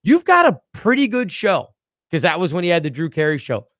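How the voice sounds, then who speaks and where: A man hosts a podcast in casual chat, an animated storyteller who acts out the voices of the people he quotes. His voice sits high and moves fairly quickly. The studio-quality recording has no echo.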